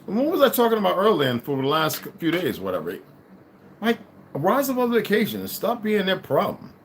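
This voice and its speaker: Rambling, animated man livestreaming. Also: sits high, a little fast, slight background noise. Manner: rambling, animated, swings between muttering and loud outbursts. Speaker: livestream host reading and commenting. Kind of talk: casual livestream talk with reading aloud.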